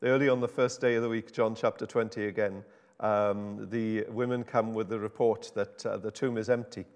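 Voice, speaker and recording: A man's voice: fairly low pitch, little pitch movement, normal speed. A man preaching an informal sermon in a chatty, wry, self-interrupting way. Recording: hall reverb.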